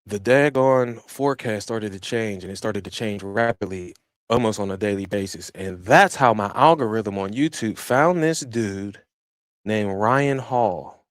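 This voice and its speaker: Lively man hosting a lawn care podcast. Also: on the low side, unhurried, no echo, studio quality. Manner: animated storytelling with slang and shifts in loudness. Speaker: podcast host. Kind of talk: casual chat. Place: small home studio. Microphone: studio microphone he operates himself.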